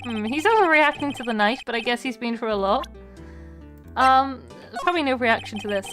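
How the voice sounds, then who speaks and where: A woman's voice: a little high, lively intonation, a little fast, music in the background. A woman streamer thinking aloud while playing a game, muttering to herself at a desk mic. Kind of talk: let's-play commentary.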